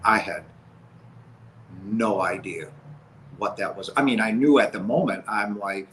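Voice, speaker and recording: A man with a low voice gives personal testimony as an interview guest, earnest and halting, with emotion close to the surface. The rough recording has a faint hiss beneath his fairly bright tone.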